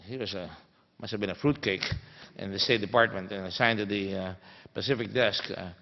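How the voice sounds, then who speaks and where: A man speaks at a conference, his fairly low voice carrying long reverb through a big hall. He tells his stories emphatically, with plenty of fillers, and the recording sounds dull and muffled. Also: brisk, gravelly. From Philippines. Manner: storytelling, emphatic, many fillers. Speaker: guest speaker. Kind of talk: anecdotal conference speech.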